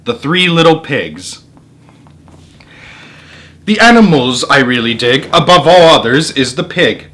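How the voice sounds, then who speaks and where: A man's voice: mid-range voice, very animated, measured pace, long pauses, pushed and bright. A man in his twenties reading a rhyming storybook aloud in an amused, playful way. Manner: amused, breaks into laughter.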